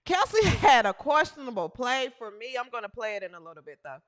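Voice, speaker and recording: A woman with a sing-song, brisk delivery hosts a comedic women's basketball program, talking through game highlights. She's prone to exclamations and laughter, repeating lines for emphasis.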